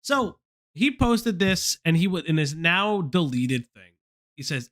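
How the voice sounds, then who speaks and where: A man's voice: fairly high pitch, a little slow. A man hosting a casual livestream chat, swearing often and restarting his sentences. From United States. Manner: animated, swears a lot, stammering restarts. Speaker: stream host.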